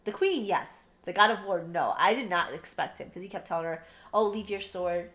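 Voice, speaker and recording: A woman co-hosting a podcast, giving a blunt, profane, animated book review in casual chat. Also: on the low side, fairly quick. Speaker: podcast co-host.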